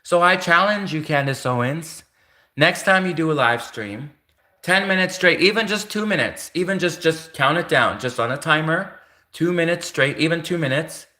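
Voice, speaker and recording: A man's voice: a little high, lively intonation, moderate pace, pushed and bright. A man hosting a livestream, ranting casually and repeating himself as he speaks straight to the person he is calling out. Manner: repetitive, keeps addressing his target directly. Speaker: livestream host.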